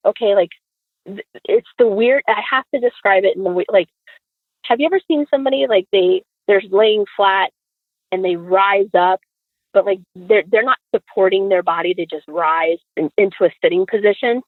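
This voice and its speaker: A woman tells a story in casual conversation with lively energy, acting out the dialogue as she goes. Her voice is mid-pitched and comes through a narrow, phone-like channel. The sound is dry, with no room around it. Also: moderate pace, no room sound. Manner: animated, acts out quoted dialogue. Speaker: podcast guest.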